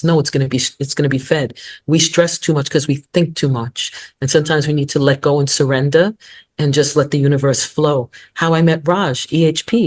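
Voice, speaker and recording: A woman in her sixties, a guest on an interview show, telling stories and giving motivational advice with frequent laughter. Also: sits low. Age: 60s. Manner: lively, laughs often, motivational, storytelling. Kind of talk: casual interview talk.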